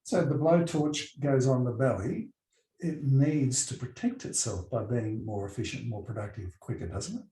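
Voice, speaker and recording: A man's voice: mid-range voice, expressive, moderate pace, warm tone. An Australian man moderating a live panel in a wry, conversational way. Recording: echoey event room.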